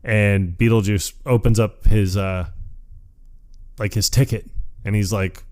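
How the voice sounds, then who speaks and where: A man's voice: on the low side, steady tone, unhurried, a little mellow. A man hosting a podcast, retelling a movie in a rambling, casual way and acting out lines, laughing often. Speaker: podcast host. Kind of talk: casual movie recap chat.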